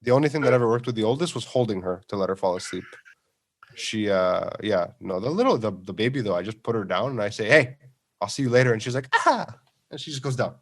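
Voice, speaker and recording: A man telling lively, profane stories about his kids on a podcast, acting out every quote. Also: fairly low pitch, fast talker. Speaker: podcast guest. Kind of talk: casual chat, storytelling.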